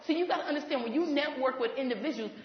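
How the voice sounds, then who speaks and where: A woman in ministry telling a faith testimony, animated and laughing as she goes, acting out what others said. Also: high voice, very fast. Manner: animated, laughs while talking, acts out quoted voices. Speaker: ministry leader. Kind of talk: testimony storytelling. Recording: echoey hall, dull lo-fi sound.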